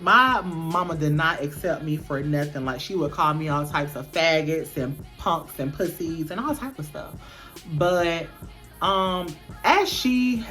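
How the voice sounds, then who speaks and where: A young woman vlogger telling a storytime piece in a blunt, candid, casual way, swearing freely and filling pauses with "um". Her voice sits a little low for a woman. Faint music plays underneath. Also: fairly bright tone. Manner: candid, casual, profane, lots of "um" fillers. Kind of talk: storytime vlog.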